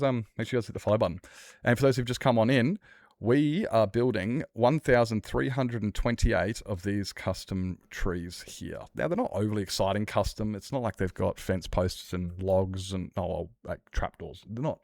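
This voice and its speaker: A man's voice: on the low side, normal speed, a little mellow, no room sound, studio quality. A man chatting casually on a live game stream, rambling and laughing often as he talks to viewers. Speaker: Minecraft streamer.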